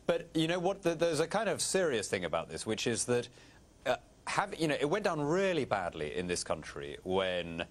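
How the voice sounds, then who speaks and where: A man's voice: mid-range voice, moderate pace. A middle-aged British man, a guest on a TV interview, talking in an articulate, wry way. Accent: British English. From Britain. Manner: articulate, wry, animated storytelling. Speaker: guest politician.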